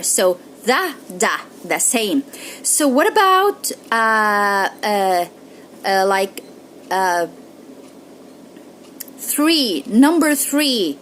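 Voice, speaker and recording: A woman teaching English pronunciation, repeating example words slowly and carefully. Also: a little high, sing-song, slight background noise, low-quality recording. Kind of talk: pronunciation lesson.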